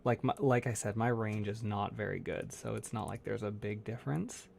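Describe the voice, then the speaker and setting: A man who makes ASMR content, hosting a casual livestream chat, soft-spoken and rambling, laughing often as he answers chat. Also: on the low side, normal speed, vocal fry, slight background noise.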